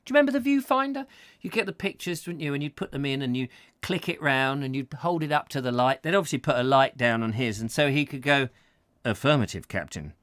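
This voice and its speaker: A man's voice: mid-range voice, expressive, fast talker, fairly bright tone, no room sound. A man hosting a comedy chat show, rambling playfully through viewer comments and slipping into silly voices. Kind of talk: rambling comic live-stream chat.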